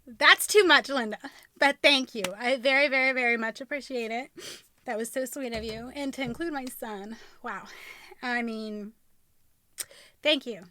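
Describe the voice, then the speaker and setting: A young woman vlogging at home, unboxing gifts from a friend in a gushing, excitable way, with squeals and gasps. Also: fairly high pitch, normal speed, slight background noise. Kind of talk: casual vlog unboxing.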